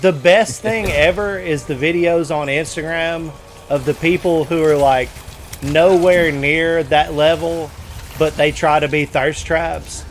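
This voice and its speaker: A man's voice: on the high side, fairly even intonation, unhurried, a little hiss or hum. Laughing, joking male streamer host. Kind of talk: casual gaming chat.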